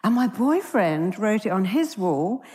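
A middle-aged British therapist giving a stage talk, telling stories and acting out the dialogue in a lively way. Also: female voice, mid-range voice, measured pace. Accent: British English. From Britain. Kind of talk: storytelling keynote talk. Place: large event stage. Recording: long hall reverb from a stage.

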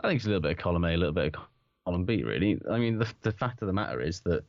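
Deep-voiced man, casual sports chat. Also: animated, very fast, creaky, dry recording, highs cut off. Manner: swearing, rambling, laughs often. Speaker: podcast co-host.

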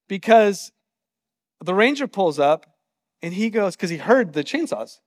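A man's voice: sits high, very animated, a little slow, long reverb tail. A man preaching a sermon, telling a story casually and with animation. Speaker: pastor.

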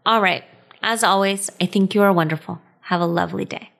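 A woman's voice: mid-range voice, fairly even intonation, fairly quick, creaky, a bit bright. A woman in her thirties hosting a podcast, telling personal stories in a chatty way and laughing often. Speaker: podcast host. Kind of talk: casual storytelling monologue.

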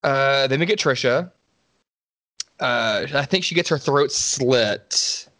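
A man's voice: mid-range voice, takes it slowly, fairly bright tone, dry recording, clean studio sound. A man co-hosting a podcast, recapping a slasher movie in a rambling, sarcastic way, swearing and laughing often. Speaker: podcast co-host. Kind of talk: casual movie recap chat.

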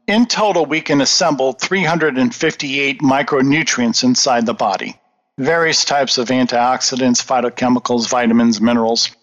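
A man's voice: medium pitch, moderate pace, fairly bright tone. A man answering interview questions in an earnest, emphatic, lecturing manner. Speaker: guest. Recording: dull lo-fi audio with long reverb.

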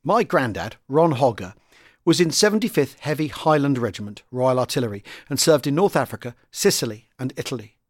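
Lively man reading on a dry podcast. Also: medium pitch, brisk, no echo. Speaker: podcast host.

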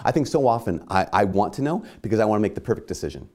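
A man's voice: on the low side, lively intonation, very fast, few pauses, darkish tone. A man giving a sermon in a conversational, self-mocking way, acting out little dialogues. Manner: conversational, self-mocking, acts out quoted voices.

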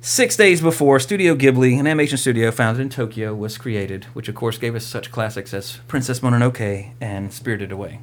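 A man's voice: medium pitch, fairly quick, few pauses. A man hosting a podcast, talking animatedly about movies and games, swearing freely and acting out quotes in silly voices. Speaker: podcast host. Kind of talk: casual movie discussion.

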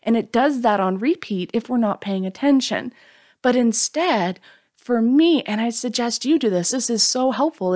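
A woman's voice: on the high side, a little mellow. A woman hosting a solo motivational podcast, talking frankly and upbeat, sometimes acting out her own doubting inner voice. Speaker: podcast host.

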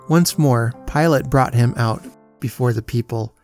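A man reads a children's Bible story in a steady, solemn storyteller's voice of middle pitch. His pacing is measured and careful. Soft guitar plays faintly underneath. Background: faint guitar music.

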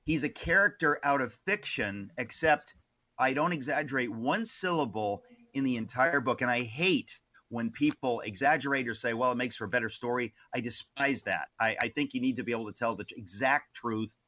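Male author guest, bright forceful voice, slightly dull lo-fi sound, animated storyteller. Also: mid-range voice, moderate pace. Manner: animated, many restarts and asides. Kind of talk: casual interview storytelling.

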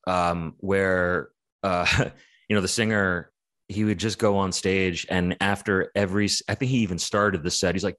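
A man's voice: deep voice, fairly even intonation, moderate pace, a bit bright. A man in casual, rambling, profane chat about the metal scene, full of fillers.

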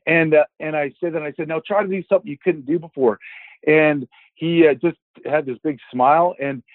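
A man's voice: a little high, fairly even intonation, brisk, no echo. A man sharing a Christian healing testimony in a casual, rambling way, acting out the dialogue as he goes. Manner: rambling storyteller who acts out dialogue. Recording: dry, tinny phone-line sound.

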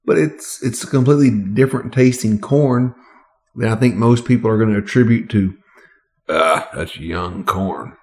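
A man's voice: mid-range voice, fairly even intonation, brisk, warm tone. A man from the American South co-hosting a casual whiskey tasting, easygoing and joking, with hesitant restarts.

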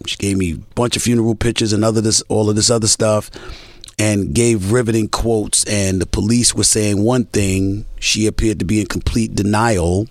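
A man with a lowish voice tells stories from his career in a punchy, emphatic way, stacking short statements one after another. He is recorded dry and close on a studio mic. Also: dry recording. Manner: emphatic, rapid-fire storyteller. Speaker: guest, sportswriter and commentator. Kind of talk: storytelling interview.

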